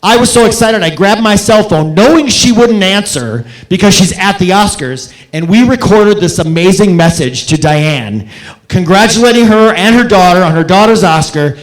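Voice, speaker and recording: As festival director, a man hosts a film Q&A in a theater auditorium, delivering a gushing thank-you speech and repeating words for emphasis. His high voice is animated at a moderate pace, and the recording is reverberant and rough.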